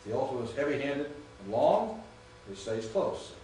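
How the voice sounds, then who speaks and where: Patient and keen to check comprehension, a male Greek teacher delivers a lecture in a warm, very animated mid-range voice at a moderate pace. The mic sits far away in an echoey room, with a little hiss or hum.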